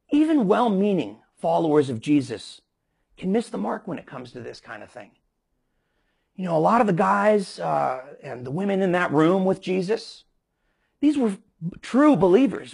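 A man's voice: high-pitched, vocal fry, darkish tone, breathy edge. A man preaching a sermon emphatically, with frequent restarts as he explains scripture. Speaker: pastor.

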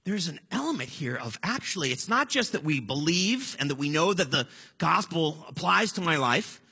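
A man in his forties delivers a sermon in an easy, conversational manner, earnest when he presses a point. His voice sits high and moves a lot. It is gravelly and husky, with a bright, forceful edge. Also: very animated, moderate pace. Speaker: pastor.

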